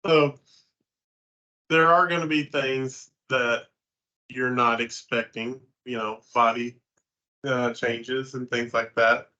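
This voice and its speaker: A middle-aged man chatting casually as a vlog host, relaxed and halting, with many fillers. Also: medium pitch. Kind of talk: casual chat. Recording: dull lo-fi sound.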